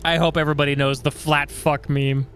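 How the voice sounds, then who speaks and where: A male streamer chatting excitably over his game, swearing freely and tripping over his words. His voice sits slightly high for a man. Quiet music plays underneath. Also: a little fast. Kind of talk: casual game commentary.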